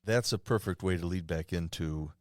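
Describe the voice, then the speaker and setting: A man's voice: low-pitched, normal speed, no echo, clean studio sound. A man hosting an interview, offering brief reactions and leading questions. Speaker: interview host. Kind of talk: casual interview.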